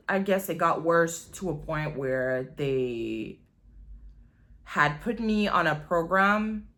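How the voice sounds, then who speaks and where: A woman's voice: medium pitch, a bit bright. Girl in her 20s vlogging, rambly and candid, lots of "like", swears a bunch. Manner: candid, rambling, swears freely, many "like" fillers. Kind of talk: casual confessional storytelling.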